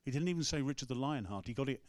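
A man's voice: mid-range voice, animated, very fast, no room sound, clean studio sound. A man with an English accent, a rector preaching a sermon in a conversational, storytelling way. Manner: storytelling, conversational, acts out quotes. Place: church.

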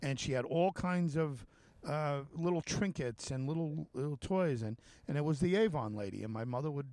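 A man hosts a casual conversation, talking haltingly and restarting his thoughts often. His voice sits a little high for a man. The recording is dry and close. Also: a little mellow, dry recording. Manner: hesitant, many restarts and fillers, laughs easily. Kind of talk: casual chat.

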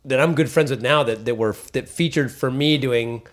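A man with an everyday mid-pitched voice chats loosely about his years touring as a comedian. He circles back, restarts his sentences and lets them trail off. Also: moderate pace. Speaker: comedian guest. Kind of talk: casual chat.

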